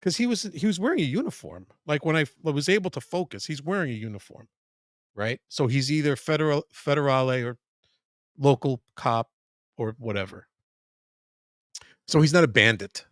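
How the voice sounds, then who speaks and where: A man's voice: medium pitch, animated, moderate pace, long pauses, dry recording, studio quality. A man, a podcast guest, telling a long story in casual chat, profane and full of restarts. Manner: rambling, profane, frequent restarts.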